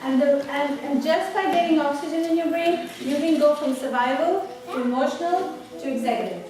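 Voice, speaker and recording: A woman's voice: high-pitched, normal speed. Woman workshop presenter, coaxing and repetitive, recorded from a distance in an echoing hall. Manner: instructive, coaxing, repeats words. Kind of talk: live talk leading breathing exercises. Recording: echoey room from far off, noisy.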